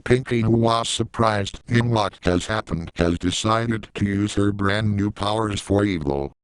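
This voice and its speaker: A man's voice: lowish voice, measured pace, clean tone, no echo, rough recording. A man reading a fan story aloud in a plain way, adding his own side comments. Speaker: story reader.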